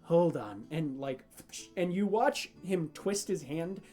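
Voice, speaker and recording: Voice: mid-range voice, slow, mellow, faint music behind. A game master narrating a homebrew tabletop game in a rambling, hesitant way, full of fillers and restarts.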